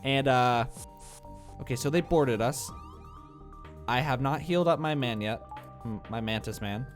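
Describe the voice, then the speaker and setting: A man's voice: mid-range voice, measured pace, soft background music. A young man from the American Midwest with a Midwestern accent, rambling through casual let's-play commentary with many filler uhs, his voice a bit congested from allergies. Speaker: gameplay commentator.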